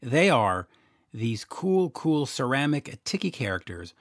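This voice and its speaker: A Canadian man hosts a solo podcast, chatting casually and jokingly while rambling with lots of fillers and restarts. His mid-range voice is very animated yet a little slow. The studio-quality recording has no room sound.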